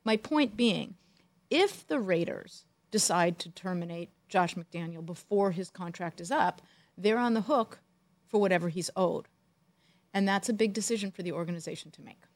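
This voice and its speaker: A woman co-hosting a podcast, a former team executive telling animated stories with dry jokes. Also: lowish voice, moderate pace, dry recording. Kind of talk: casual storytelling chat.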